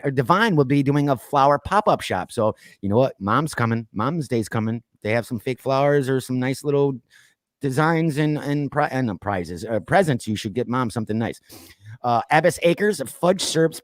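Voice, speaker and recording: A man's voice: mid-range voice, no room sound, clean studio sound. A man hosting a casual pop culture podcast, chatting loosely and reading off lists with plenty of fillers. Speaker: podcast host. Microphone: streamed call mic.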